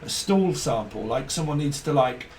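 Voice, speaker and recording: A man's voice: medium pitch, animated, normal speed, a little mellow, far from the mic. A man giving a casual tarot reading, rambling and free-associating with jokes. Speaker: tarot reader. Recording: echoey room, off-mic, faint hiss.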